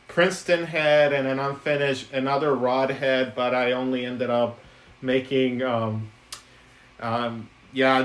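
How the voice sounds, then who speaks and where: A man's voice: mid-range voice, fairly bright tone. A man chatting casually on a live stream about puppets he made, giggly, with lots of ums and restarts. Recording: echoey room.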